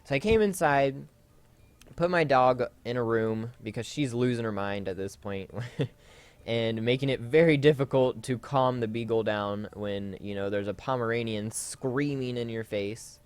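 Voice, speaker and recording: A man chats loosely as he plays a game, wandering through a long anecdote with plenty of fillers and restarts. His voice is smooth and clean at an ordinary pitch. It is captured close and dry, with no room around it. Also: unhurried, dry recording. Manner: rambling, with frequent fillers and self-corrections. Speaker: Let's Play host. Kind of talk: casual storytelling while playing a game.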